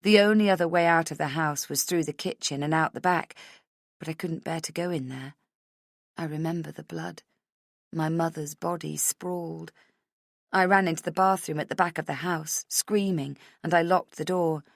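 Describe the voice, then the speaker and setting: A woman narrating a first-person thriller audiobook in a hushed, close, emotional way. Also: sits low, fairly even intonation, normal speed, gravelly, no echo.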